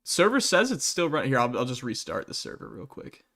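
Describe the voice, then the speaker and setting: A man's voice: mid-range voice, wildly swooping pitch, fairly quick, creaky, fairly bright tone. A young adult man hosting a casual livestream Q&A while gaming, talking in a rambling, chatty way with many restarts and fillers. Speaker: streamer and channel host.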